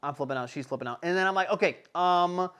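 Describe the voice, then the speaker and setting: A young man hosting a casual podcast, telling a story in an animated, rambling way full of swearing and fillers. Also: sits high, quick pace, smooth. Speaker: podcast host.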